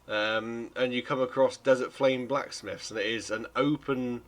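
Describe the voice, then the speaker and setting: A man's voice: medium pitch, steady tone, moderate pace. A man running a tabletop game as game master, narrating in a rambling way and correcting himself as he goes.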